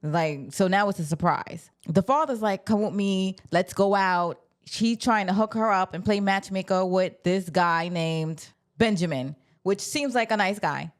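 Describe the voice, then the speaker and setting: A woman talking through a movie plot in a relaxed, chatty way. She is sassy and animated, and her pitch sits in an ordinary middle range. She jumps into the characters' lines and answers them with her own reactions. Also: measured pace, hardly any pauses. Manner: sassy, animated storytelling with acted-out quotes. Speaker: film reviewer. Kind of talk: casual spoken movie review.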